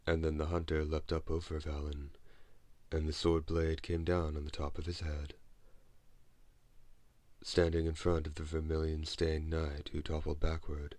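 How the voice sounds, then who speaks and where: A man reading an audiobook as narrator, in a measured, steady way. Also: very deep voice, no room sound. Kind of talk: scripted narration.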